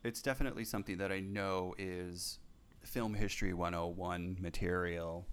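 A man's voice: low voice, steady tone, normal speed, a bit bright, clear, resonant tone. A man co-hosting a podcast, chatting casually about films in a laid-back way, with short agreeing replies and the odd dry joke. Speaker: podcast co-host. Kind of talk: casual film discussion.

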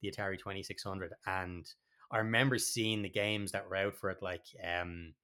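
A man's voice: deep voice, fairly even intonation, moderate pace, pushed and bright, smooth. A man, co-hosting a podcast in casual chat, rambling and swearing freely with many restarts. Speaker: podcast co-host.

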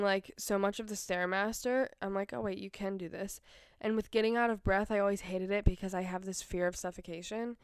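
A woman's voice: mid-range voice, smooth, no echo, studio quality. A young woman rambling casually in a vlog, chatty and full of fillers, laughing often. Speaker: vlogger.

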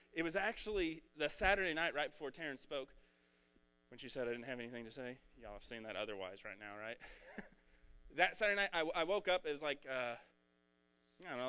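Casual energetic preacher guy, high voice, chatty and all over the place. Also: smooth. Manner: energetic, rambling, conversational. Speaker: pastor. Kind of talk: casual sermon.

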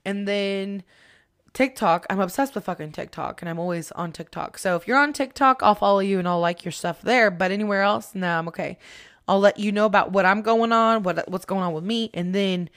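A woman's voice: medium pitch, a little fast, fairly bright tone. A woman hosting a podcast as a spiritual medium, talking in a rambling, casual monologue with lots of swearing and self-mocking asides.

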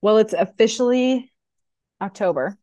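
A woman from the Midwest co-hosting a podcast in casual chat, playful and quick to laugh. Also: mid-range voice, dark tone, dry recording. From American Midwest. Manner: playful, laughing, riffs on wordplay.

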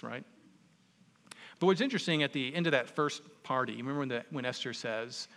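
A man preaching a sermon, retelling a story in an animated, conversational way. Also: medium pitch, fast talker. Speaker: pastor. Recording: long reverb in a large hall.

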